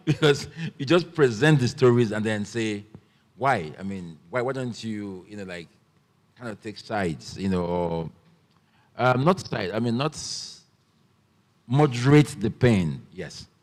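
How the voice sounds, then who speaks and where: A man moderating an author talk, with a lower-pitched voice and a halting, searching way of forming questions. A long reverb hangs on his words, like in a large hall. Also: expressive. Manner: hesitant, many fillers and restarts. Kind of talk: festival Q&A.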